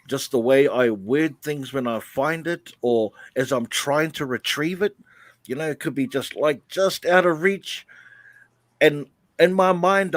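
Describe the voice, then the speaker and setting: A man chatting on a live stream, halting often with fillers and restarts. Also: mid-range voice, no room sound. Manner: hesitant, many fillers and restarts. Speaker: guest YouTuber. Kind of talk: casual live chat.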